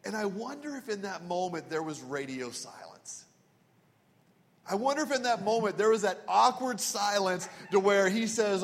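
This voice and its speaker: A man preaching a sermon as pastor, telling stories and dropping to a hushed voice for quoted words. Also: sits high, animated, normal speed. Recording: long reverb of a large hall.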